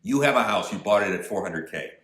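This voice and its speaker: Ranting with indignation, this political commentary vlogger hammers points home through repetition and sneaks in mocking remarks. He talks fairly quickly in a lowish, animated voice with a bit of brightness, recorded in an echoey room.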